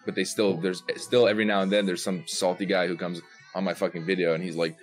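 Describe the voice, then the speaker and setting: Man, very deep voice, blunt and profane, laid-back, on a voice call. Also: little pitch movement, quick pace, faint music behind. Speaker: guest content creator. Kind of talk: casual heated debate.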